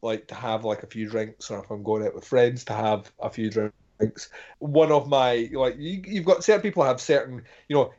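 A man's voice: medium pitch, darkish tone. A man, rambling and joking in a casual podcast chat. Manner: rambling, jokey, quick to do voices. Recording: muffled lo-fi audio.

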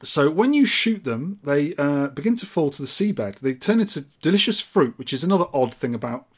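A man's voice: on the high side, lively intonation, fairly quick, breathy edge. A man hosting a podcast, chatting casually and wryly, reading out specs with mock grandeur. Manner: playful, wry, reads out specs with mock grandeur. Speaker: podcast host. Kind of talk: casual podcast chat about retro games.

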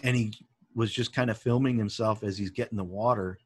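A man co-hosting a podcast, talking earnestly and haltingly in casual chat. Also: fairly low pitch, steady tone, a little mellow, slightly rough, no room sound. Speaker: podcast co-host.

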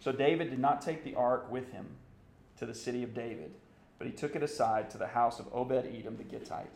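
A man preaching a sermon, animated and building to impassioned outbursts. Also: mid-range voice, a little fast, vocal fry, echoey room, a little hiss or hum. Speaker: pastor.

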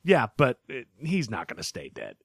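A man's voice: mid-range voice, wildly swooping pitch, moderate pace, creaky, husky, no echo, clean studio sound. A man in casual podcast chat, with a laid-back, wry way of talking.

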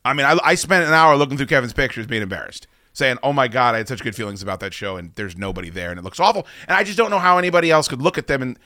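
A man hosting a casual talk show, telling profane stories with a lot of swing in his pitch. His voice is bright and forceful. The sound is close and dry, with little room around it. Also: racing, hardly any pauses, no room sound. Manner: animated, profane storytelling. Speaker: radio show host. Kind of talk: casual podcast banter.

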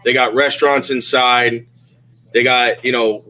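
Man, middle pitch, bright forceful voice, upbeat, podcast co-host. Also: flat delivery, measured pace, rough recording. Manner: upbeat, gives promotional shout-outs. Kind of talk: casual group chat.

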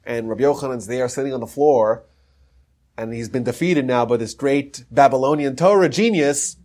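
A man's voice: medium pitch, a little mellow. A man hosting a podcast, retelling an old story in a casual lecture and slipping into the characters' quoted lines. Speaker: podcast host teaching history.

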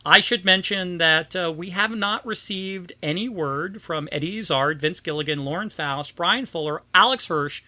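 Chatty high-voiced man hosting a podcast. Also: normal speed, hardly any pauses, sharp tone. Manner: self-deprecating, chatty, many fillers. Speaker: podcast host. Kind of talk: casual podcast chat.

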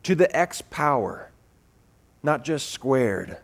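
A man preaching a sermon, animated and repeating phrases as he builds, acting out voices when he tells personal stories. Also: medium pitch, slow, creaky. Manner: acts out voices in his stories. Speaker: pastor.

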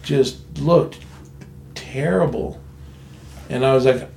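A man's voice: mid-range voice, takes it slowly, creaky, pauses often, a little mellow, a little hiss or hum. A man in recovery candidly telling a family story in a frank, blunt way, swearing freely. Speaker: guest sharing recovery story. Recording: echoey room, faint ambience.

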